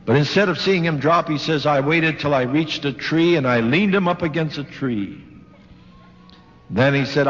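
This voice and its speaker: An older man giving a sermon to a congregation, retelling a story with dramatic quoted voices. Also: mid-range voice. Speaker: preacher giving a talk. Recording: old lo-fi recording in a large reverberant hall.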